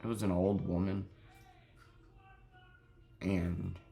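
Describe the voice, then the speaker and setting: A young man telling a sad story in a halting, grieving way, close to crying, in a confessional vlog. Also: low voice, flat delivery, gravelly, dark tone. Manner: halting, heavy with grief, self-critical. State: near tears. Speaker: vlogger.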